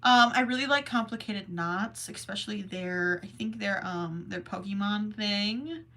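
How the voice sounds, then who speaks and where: A young woman hosting a crochet livestream, chatting casually and reading messages from the chat in a rambling, self-deprecating way. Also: mid-range voice. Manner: slow, rambling and self-deprecating, with soft asides.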